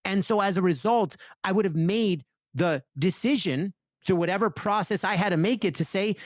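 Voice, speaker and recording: A man talking as a podcast guest and author, telling energetic stories with lively voiced asides. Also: high-pitched, moderate pace, dry recording, clean studio sound. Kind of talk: conversational interview.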